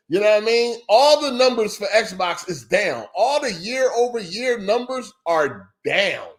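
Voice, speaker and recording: A man's voice: sits high, fairly bright tone. A man hosting a gaming podcast, ranting in a heated, profane, exasperated way and repeating "you know what I'm saying" again and again. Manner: exasperated and incredulous. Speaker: podcast host.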